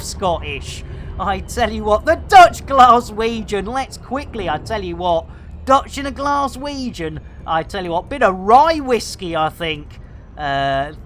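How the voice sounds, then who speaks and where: A woman in her fifties streaming a video game live, bantering exuberantly with viewers and bursting into shouts. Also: on the high side, lively intonation, takes it slowly, a little hiss or hum. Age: 50s.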